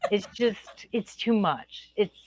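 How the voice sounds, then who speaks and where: Animated woman co-host telling stories. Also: slow pace. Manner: animated, incredulous storytelling with big pitch jumps. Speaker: podcast co-host. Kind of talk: casual chat.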